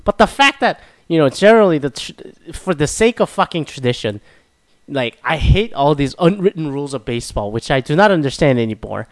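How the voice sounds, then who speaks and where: A man's voice: fairly high pitch, very animated, fairly quick, no echo. A young man from Korea, hosting a casual solo talk and ranting profanely with self-mocking asides. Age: young adult.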